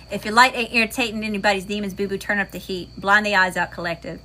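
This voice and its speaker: A woman with a Southern US accent, a tarot reader hosting a livestream, moving between chatty, folksy talk with viewers and a calm guided meditation. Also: medium pitch, quick pace, a little hiss or hum. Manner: folksy, chatty, says y'all often.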